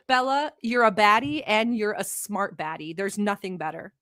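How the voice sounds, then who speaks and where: A woman's voice: lowish voice, lively intonation, fairly quick, few pauses, a bit bright, dry recording, studio quality. A woman from the Middle East, whose first language is not English, hosting a casual livestream and chatting with viewers in a teasing, talkative way. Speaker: livestream host reacting to videos.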